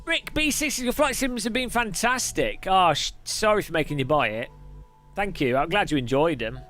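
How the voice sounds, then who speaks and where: A man's voice: sits high, animated, moderate pace, a bit bright, soft background music. A man chatting casually on a live sim racing stream, reading viewers' messages aloud and laughing often.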